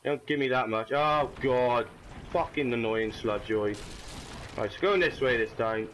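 A man commenting on his own gameplay, swearing and shouting in frustration at enemies. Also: mid-range voice, measured pace, slight background noise. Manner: sweary, frustrated outbursts at the game. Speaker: gamer. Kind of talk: let's play commentary.

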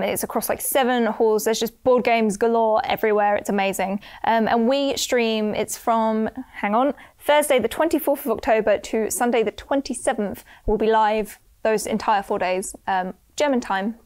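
A woman's voice: on the high side, darkish tone, clean tone. A woman co-hosting a board game stream, chatting in a bubbly way about an upcoming event. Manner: bubbly, quick to laugh. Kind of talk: casual chat about events.

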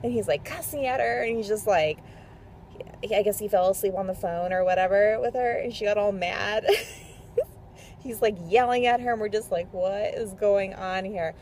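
A woman's voice: medium pitch, moderate pace, darkish tone. Chatty woman vlogging with noisy ambience. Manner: chatty, filler-heavy with frequent "like" and "um". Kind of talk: casual travel vlog. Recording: handheld vlog with noisy background ambience.

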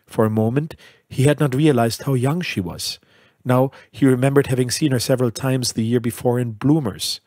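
A man reading a classic short story aloud in measured, deliberate narration. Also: mid-range voice, darkish tone, no room sound, studio quality. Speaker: audiobook narrator. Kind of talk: scripted literary narration.

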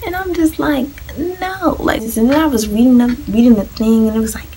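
A teenage girl telling her own story in a vlog, soft-spoken and emotional, often dropping to a near-whisper. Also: fairly high pitch, lively intonation, quick pace, noisy background. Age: teens. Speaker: vlogger.

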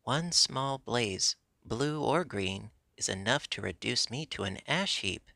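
A gloomy storybook scarecrow who speaks in a sorrowful, drawn-out way, read by a man. His voice is slightly gravelly and very bright, recorded dry. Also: mid-range voice, lively intonation, dry recording, exaggerated voice. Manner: sorrowful, slow. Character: mournful straw-stuffed scarecrow, male.

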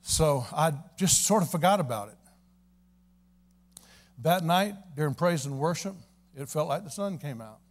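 High-voiced man preaching a fervent revival sermon. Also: animated, unhurried, long pauses. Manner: folksy storyteller who builds to fervent shouting. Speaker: evangelist preacher. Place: church service.

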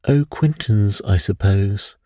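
A man's voice: deep voice, very animated, takes it slowly, warm tone, breathy edge, dry recording, clean studio sound, full character voice. A man reading a bedtime story, voicing a careless, scoffing middle-aged doctor who laughs things off.

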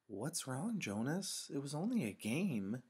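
Man reading as a shy girl from a storybook, pitched up and soft, hesitant. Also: sing-song, measured pace, slightly rough, full character voice. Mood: nervous. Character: gentle, nervous young girl.

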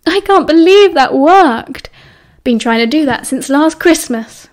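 A woman's voice: sits high, a little mellow. A woman with a British accent voicing a cheerful, bossy teenage schoolboy who chivvies his friends along. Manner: brisk, chivvying.

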